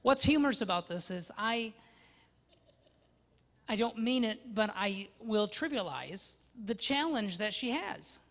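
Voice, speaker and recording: High-voiced man preaching in an echoing church. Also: measured pace. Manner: expressive, swinging from loud emphasis to hushed asides. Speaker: pastor. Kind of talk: sermon. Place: church sanctuary. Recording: long church-hall reverb.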